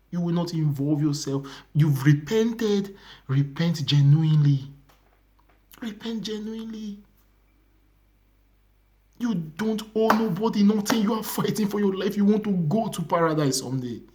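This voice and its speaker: A young man with a Nigerian accent preaching a sermon, earnest and repetitive, sometimes dropping to a hushed whisper. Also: high-pitched. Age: young adult.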